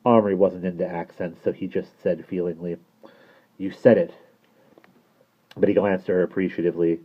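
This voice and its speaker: A man reading a children's novel aloud in a steady, plain storytelling manner. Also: low voice, fast. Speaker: reader. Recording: tinny phone-like sound.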